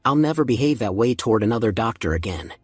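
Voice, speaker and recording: A man's voice: lowish voice, animated, fast, husky, dry recording, faint music behind. A man reading a stern, powerful businessman. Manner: stern, commanding.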